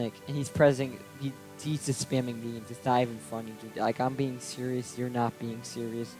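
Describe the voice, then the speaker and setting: Young man, casual vlog rant, aggrieved, swears a lot, mid pitch, soft music behind. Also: poor audio. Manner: aggrieved, ranting, swears freely. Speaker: vlogger. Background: soft background music.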